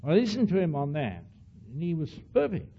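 A man with an accent tells a story to an audience as a digressive, animated lecture, often saying "you see". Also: fairly high pitch, a little fast, slightly rough. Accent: non-native English accent. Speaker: speaker addressing an audience. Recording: dull lo-fi old recording.

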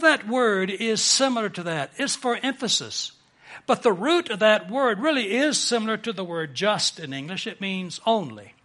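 A middle-aged man preaching a sermon in an earnest way, building emphasis and swelling louder on key points. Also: sits high. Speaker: pastor.

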